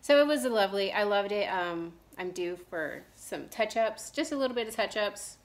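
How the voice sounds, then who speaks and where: A woman in her thirties from Texas, rambling in a casual chat with lots of fillers and restarts, clearing her throat now and then from allergies. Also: medium pitch, lively intonation, normal speed. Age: 30s. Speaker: cross-stitch vlogger.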